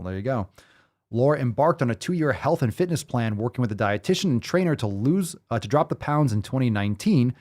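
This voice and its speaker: An American man hosting a casual commentary show, reading news stories and riffing on them with profane, animated remarks. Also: mid-range voice. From United States. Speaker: host.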